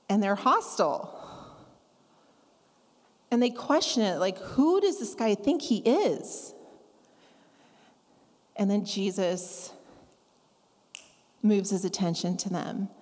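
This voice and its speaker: A woman preaching a sermon, talking conversationally and acting out scripture quotes with lively asides. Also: mid-range voice. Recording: long reverb of a large hall.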